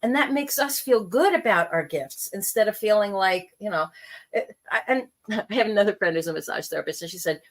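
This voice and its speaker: A middle-aged woman from New York talking casually, telling animated stories and acting out the voices of people she quotes. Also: medium pitch, brisk. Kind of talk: casual conversation.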